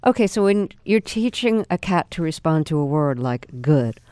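A woman's voice: low-pitched, expressive, moderate pace, mellow, smooth, dry recording. A woman interviewer asking curious, chatty questions with loose hesitations.

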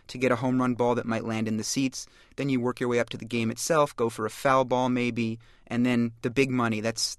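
A man's voice: mid-range voice, a bit bright, dry recording. A man talking as a studio guest, explaining eagerly and fluently. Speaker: studio guest, baseball collector. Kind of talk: interview talk.

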